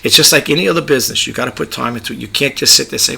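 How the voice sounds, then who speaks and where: A man's voice: a little high, animated, rapid-fire, vocal fry, hardly any pauses, pushed and bright, breathy edge. A middle-aged man with a New York accent, giving chatty, rambling advice as a YouTube creator and often repeating himself. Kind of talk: casual advice monologue.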